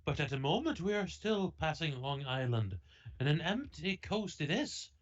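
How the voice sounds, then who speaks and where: A man reading the part of a male priest who tutors a boy at sea, in a measured read-aloud manner. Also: fairly high pitch, very animated, highs cut off, pitched above the performer's own voice. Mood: instructive.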